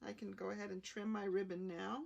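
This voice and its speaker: A woman with a slightly gravelly, mid-pitched voice talks viewers through a card-making project during a live show. She is chatty and unhurried, explaining each cut and placement as she goes. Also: level tone, a little mellow. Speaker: craft demonstrator.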